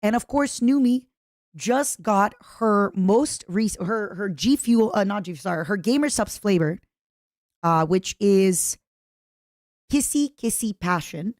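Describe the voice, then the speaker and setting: A woman's voice: mid-range voice, expressive, slow, darkish tone, dry recording, studio quality. A woman streamer chatting casually as she reacts to a video, rambling and plugging merch.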